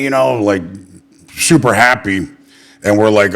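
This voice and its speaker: A man hosts a political interview podcast, chatting loosely and telling profane stories complete with acted-out quotes. He speaks at normal speed in a voice on the low side.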